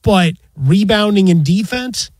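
A man's voice: sits high, lively intonation, a little slow, a little mellow, dry recording. A man co-hosting a sports radio show, giving wry analysis and dry asides. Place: radio studio. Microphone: studio mic.

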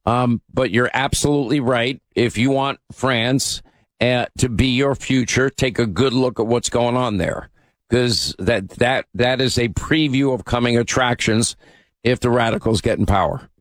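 Male radio host, mid-pitched, dry studio sound, forceful and opinionated. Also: a little slow, no room sound. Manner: emphatic, opinionated, frequent fillers. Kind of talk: talk radio hosting.

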